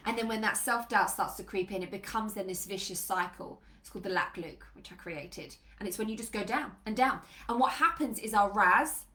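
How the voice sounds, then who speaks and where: A woman business coach giving an energetic, emphatic motivational live talk. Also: mid-range voice, a little fast, hardly any pauses. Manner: energetic, emphatic, says freaking a lot.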